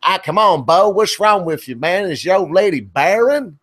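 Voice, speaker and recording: A man putting on the voice of a rowdy male trailer-park friend who teases loudly and rises high in pitch. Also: sing-song, normal speed, exaggerated voice. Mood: teasing.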